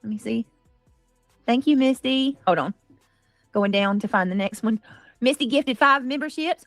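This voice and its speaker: A woman hosting a casual livestream, greeting viewers by name and cheering gifts with excited squeals. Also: sits high, moderate pace, no room sound, clean studio sound, faint music behind. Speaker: livestream host.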